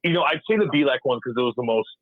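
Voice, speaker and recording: A man's voice: mid-range voice, animated, racing, no echo, phone-quality sound. A man, a former hockey enforcer, chatting as a guest with blunt, profane talk and frequent laughs while acting out old exchanges. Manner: blunt, swearing often, laughing, acting out quotes. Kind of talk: casual profane interview chat.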